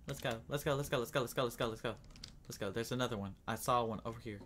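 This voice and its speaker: A man's voice: medium pitch, fast, fairly bright tone, a little hiss or hum. A man giving casual, dramatic gaming commentary, chatting to his viewers as y'all and breaking into screams when scared. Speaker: gaming streamer.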